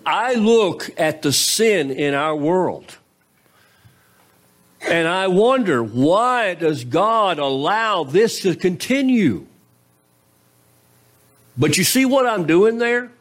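A man preaching a sermon in a conversational style, posing rhetorical questions to the congregation, his pitch swinging between raised and low. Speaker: pastor.

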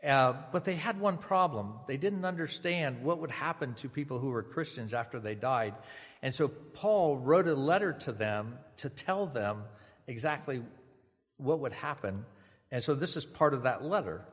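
A man giving a funeral sermon, speaking gently and conversationally with small restarts. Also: medium pitch, expressive, normal speed, in a large hall. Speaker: pastor. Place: funeral service venue.

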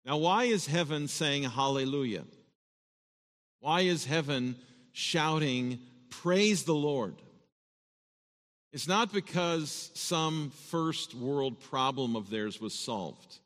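A man's voice: medium pitch, expressive, slow pace, fairly bright tone. Man preaching in a reverberant church. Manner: earnest, emphatic, repeats words when stressing points. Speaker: pastor. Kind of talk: sermon with scripture reading. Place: church sanctuary. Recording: long reverb of a church hall.

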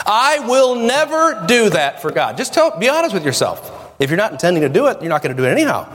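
Male pastor, animated sermon delivery full of rhetorical questions, reverberant sanctuary. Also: fairly high pitch. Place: church sanctuary. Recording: long reverb of a church hall. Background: congregation.

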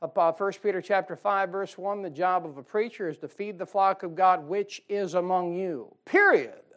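A man's voice: high voice, steady tone, moderate pace. A middle-aged man preaching a sermon as pastor, in a folksy, conversational way with chuckles and asides.

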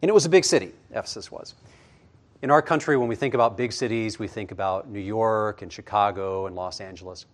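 A man preaching an expository sermon, measured, letting his voice fall soft at the ends of phrases. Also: on the low side.

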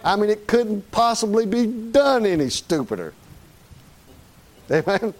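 A man's voice: high-pitched, big pitch swings, unhurried. Folksy Southern preacher man. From Southern United States. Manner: folksy, joking, chuckles while preaching. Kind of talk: sermon.

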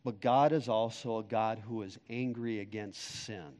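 A man preaching a sermon as pastor, emphatic, swinging between loud declarations and hushed, quiet stretches. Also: fairly low pitch, fairly even intonation, unhurried, long reverb tail.

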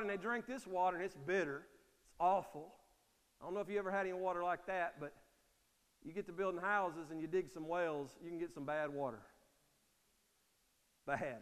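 Male pastor, sermon delivery, calls for amens, high bright voice, reverberant hall. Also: moderate pace, pauses often, clear, resonant tone. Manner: preaching with call-and-response "Amen?" and acted-out quotes. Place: church sanctuary.

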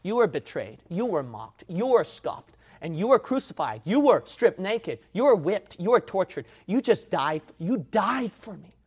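A man preaching a sermon to his church, dropping to a hush and then rising to a shout as he mocks his listeners' excuses. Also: sits high, sing-song, moderate pace, breathy edge. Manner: swings from hushed to shouting, mocks excuses in whiny voice.

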